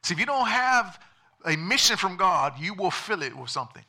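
A man preaches a sermon with emphatic, call-and-response delivery. His voice sits high and swoops all over with lively drama. He has a forceful, bright edge. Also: normal speed. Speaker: pastor.

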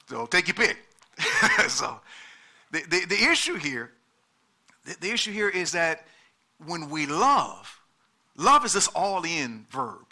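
A middle-aged male pastor delivers a sermon in a very bright, cutting tone, his voice high for a man. He drives his points home with repeated words and calls out to the people before him.

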